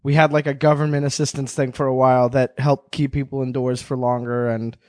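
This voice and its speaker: A man's voice: mid-range voice, flat delivery, fairly quick, a little mellow, dry recording, studio quality. A man from Canada, a podcast guest in casual chat, laid-back, joking and supportive. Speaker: podcast guest, theme song creator.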